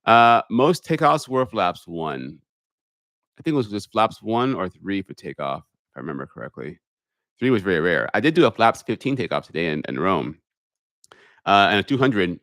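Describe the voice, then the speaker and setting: A middle-aged man, an airline pilot, casually chatting on a live stream, reading out viewer questions and answering them in a relaxed, talkative way. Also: fairly low pitch, dry recording, studio quality.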